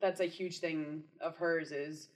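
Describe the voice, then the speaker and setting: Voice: medium pitch, steady tone, a little slow, rough recording. A podcast host who asks long, hesitant questions filled with "um" and "you know". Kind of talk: casual podcast interview.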